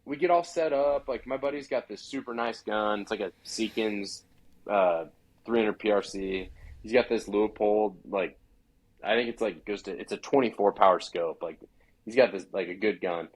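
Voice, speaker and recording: Husky man from Idaho telling a story. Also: fairly low pitch, normal speed, low-quality recording. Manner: chatty, full of "like" fillers. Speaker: podcast guest. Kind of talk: casual storytelling.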